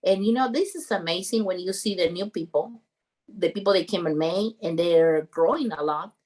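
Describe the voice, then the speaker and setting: A woman's voice: fairly low pitch, moderate pace. Earnest woman, English. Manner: animated, earnest, non-native English grammar. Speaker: podcast guest, roofing business founder. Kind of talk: emotional storytelling in conversation.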